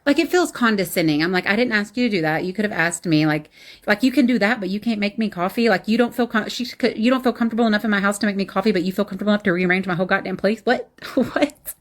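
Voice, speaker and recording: Fast-talking sassy woman in her thirties. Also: medium pitch. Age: 30s. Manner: blunt, sassy and exasperated, with sarcastic asides and laughs. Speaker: storyteller recounting a bad date. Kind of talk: casual storytime chat.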